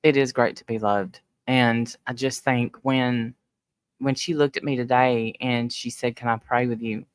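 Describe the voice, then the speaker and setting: A woman's voice: extremely low pitch, fairly even intonation, unhurried, dry recording. Middle-aged woman, livestream host, teary and emotional, casual chat, dry close sound. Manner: emotional, tearful, talks directly to viewers.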